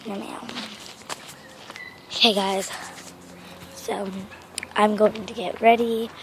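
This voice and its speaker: A hoarse woman vlogs to her camera in a slow, halting way, drifting between thoughts and restarting her sentences. The recording carries clear background noise. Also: mid-range voice, little pitch movement. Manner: rambling, halting with restarts and fillers. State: hoarse, sore throat. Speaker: vlogger. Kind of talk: casual vlog talk to camera.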